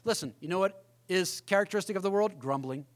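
A man's voice: high-pitched, fast talker. A middle-aged man preaching a sermon as pastor, emphatic, often acting out the voices of others.

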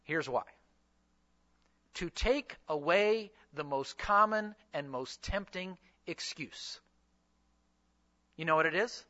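A man's voice: on the high side, slow pace, long pauses, sharp tone, highs cut off. A man preaching a sermon, teaching with rhetorical questions and quoted scripture. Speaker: pastor and seminary teacher.

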